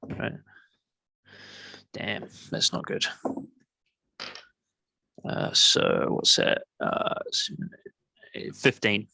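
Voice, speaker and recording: A man playing a tabletop game, chatting casually and exclaiming excitedly at his dice rolls. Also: drawn-out words, long pauses, no room sound. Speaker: player.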